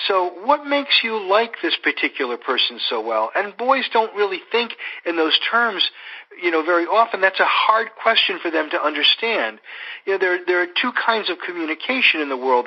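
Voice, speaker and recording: A man, a clinical psychologist, answering interview questions in a measured, explanatory way, often slipping in "you know". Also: a little high. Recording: dull lo-fi audio.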